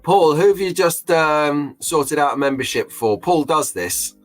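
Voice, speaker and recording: A man's voice: a little high, lively intonation, a little slow, soft background music. A middle-aged man hosting a live stream in a chatty, jokey, openly emotional way. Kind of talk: casual live-stream chat.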